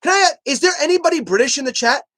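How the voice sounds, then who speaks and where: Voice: sits high, fast talker, dry recording. Streamer host going off on a rant, voice jumps all over, super dry close sound. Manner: animated ranting, emphatic and repetitive; argues with chat, rising to near shouts. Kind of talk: live stream commentary.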